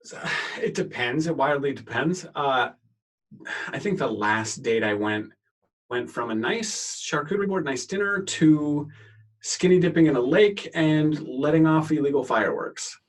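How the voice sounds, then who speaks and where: A man talking as an interview guest in an easygoing, relaxed way, with hesitant fillers. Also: on the high side, measured pace, far from the mic, rough recording. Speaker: guest, home cook. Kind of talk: casual interview chat.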